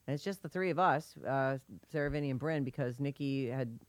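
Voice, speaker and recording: A woman's voice: extremely low pitch, a little fast, dry recording. A middle-aged woman co-hosting a podcast, bantering casually and laughing easily. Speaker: podcast co-host.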